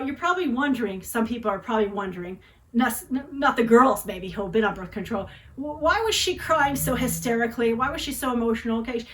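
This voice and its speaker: A vlogger in her forties, with a slightly high voice on a rough recording, tells a personal story. She's dramatic and chatty, frequently tacking on tag questions.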